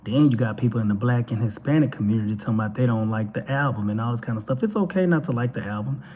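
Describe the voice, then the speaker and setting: A man with a Texan accent giving casual, animated commentary as a talk show host, speaking straight to his viewers. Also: mid-range voice, fast, a little hiss or hum. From Texas. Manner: animated, preachy, addresses viewers directly.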